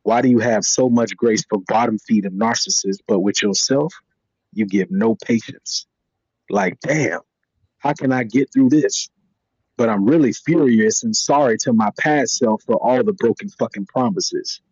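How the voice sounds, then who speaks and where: A man recites spoken-word poetry in a low, husky voice that he pushes deeper than usual. His delivery is blunt and full of curses. The audio is dry and dull, like a lo-fi stream. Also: measured pace, a little mellow, no room sound. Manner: put-on extra-deep voice, blunt and profane. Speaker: guest poet.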